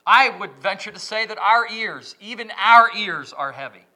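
A man preaching a sermon, working through a verse with lots of questions to his listeners and slow, stressed quotations. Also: high voice. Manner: questioning, lively emphatic delivery with drawn-out quotes.

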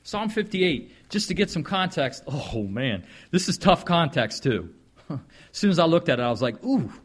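A man preaching in a slow, folksy way, leaning hard on single words and then dropping to near-quiet asides. His voice sits a bit high for a man and roams widely in pitch. It has a husky edge. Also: very animated. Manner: folksy, drawn-out, swings from loud emphasis to quiet asides. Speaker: pastor. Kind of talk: sermon.

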